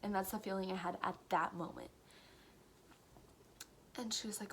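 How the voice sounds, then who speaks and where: A woman's voice: medium pitch, fairly even intonation, normal speed, pauses often, a bit bright. Teen girl vlogger, earnest storyteller who slips into whispers, faint hiss behind her. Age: late teens. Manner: earnest, tells story with quoted dialogue, drops to whispers at times. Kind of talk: personal storytime.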